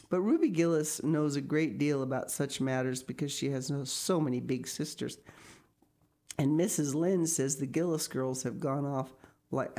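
A woman's voice: sits low, a little mellow. A woman reading an audiobook, voicing an eager, talkative young girl who gushes. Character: chatty, imaginative young girl.

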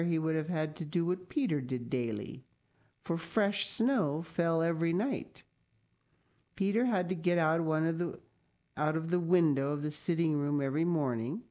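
A woman reading a children's book aloud, pausing now and then for chatty asides. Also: sits low, mellow. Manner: reads slowly, stops to comment and cough. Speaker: reader.

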